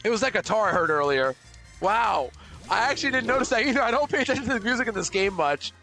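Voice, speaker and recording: A man streaming a video game live, chatting with his viewers and swinging from panicked outbursts to relaxed chatter. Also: high-pitched, quick pace, creaky. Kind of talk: live gameplay commentary. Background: faint game music.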